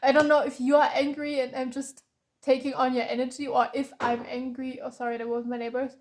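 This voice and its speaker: A woman's voice: high-pitched, little pitch movement, a little fast, darkish tone. A woman from Germany giving a tarot reading, tired and openly frustrated, with sighs and frequent restarts. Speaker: tarot reader.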